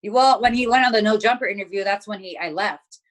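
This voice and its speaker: A woman's voice: medium pitch, brisk. A young woman talking as an interview guest, telling a story bluntly with lots of swearing and filler words. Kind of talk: casual chat.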